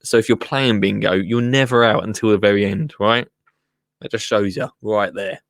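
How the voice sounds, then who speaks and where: A man's voice: on the low side, steady tone, normal speed, gravelly, dry recording, studio quality. A man hosting a podcast, casually commenting on a TV show with teasing, joking asides. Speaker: podcast host.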